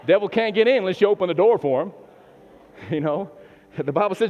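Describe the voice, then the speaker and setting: A man preaching a sermon as pastor to a live and online congregation, animated and laughing often, moving from loud exhortation to hushed prayer. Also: sits high, fast. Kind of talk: sermon with call and response. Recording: long hall reverb, dull lo-fi sound, faint music.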